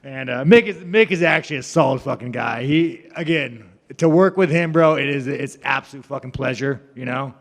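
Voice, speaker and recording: Brash, profane fighter in an echoey room. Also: male voice, medium pitch, moderate pace, hardly any pauses. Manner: brash, profane, rambling, joking. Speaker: fighter at a press event. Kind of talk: media scrum answers.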